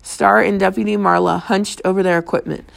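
A woman narrating a novel in the first person, reading with plain, steady storytelling. Her voice sits in a middle register and carries a noticeable gravelly fry. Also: mid-range voice, fairly quick. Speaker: audiobook reader.

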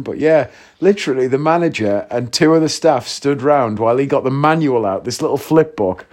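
A man's voice: medium pitch, a little mellow. A man hosting a podcast, chatting casually and joking, rambling and easily sidetracked while playing a video game at home. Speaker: podcast host. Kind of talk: casual chat. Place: home, gaming while recording.

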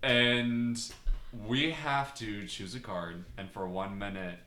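A woman hosting a podcast in casual chat, playful and quick to laugh. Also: rumbling low, steady tone, a bit bright, slight background noise. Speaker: podcast host. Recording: echoey room.

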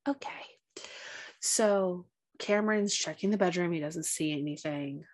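Her voice sits on the low side and she takes her time. As a podcast co-host, she walks through a movie's plot in easygoing conversation, bringing energy to the retelling and voicing the characters' dialogue.

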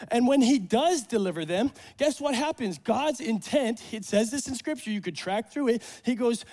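A man preaching a sermon at a church service, animated and joking, acting out the voices in the Bible stories. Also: high voice, fairly quick, few pauses. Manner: animated, acts out Bible voices, jokes with congregation. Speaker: pastor.

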